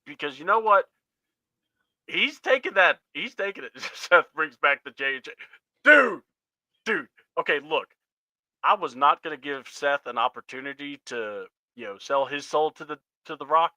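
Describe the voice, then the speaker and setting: A man chats as a podcast co-host in a very bright, lively voice that jumps around a lot. He laughs often and keeps the energy up. The sound is dry and close to the mic. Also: fairly high pitch, moderate pace, no room sound. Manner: animated, laughs often, acts out quotes. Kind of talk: casual chat.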